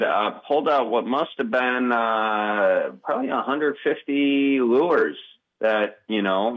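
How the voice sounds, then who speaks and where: A man's voice: medium pitch, dull audio. A man with a Wisconsin accent, a comedian guest talking easily in a casual interview, with lots of fillers. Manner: easygoing, rambling, many fillers.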